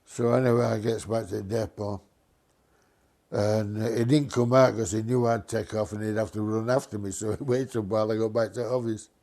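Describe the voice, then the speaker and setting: A man's voice: lowish voice, normal speed. Older man spinning a yarn. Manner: lively, mischievous storyteller, dialect grammar. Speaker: former bus driver telling a story. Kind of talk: casual anecdote.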